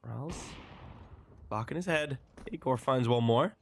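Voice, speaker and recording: A man casting a live match with play-by-play commentary, excitable and quick to exclaim between calls. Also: mid-range voice, vocal fry. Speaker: esports caster.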